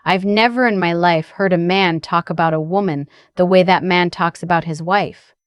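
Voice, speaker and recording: A woman doing a gentle, tearful young woman. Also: fairly low pitch, fairly even intonation, moderate pace, smooth, dry recording, studio quality, natural voice. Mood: tender. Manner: gentle, emotional, confiding. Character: young woman, soft-spoken, grateful and tender.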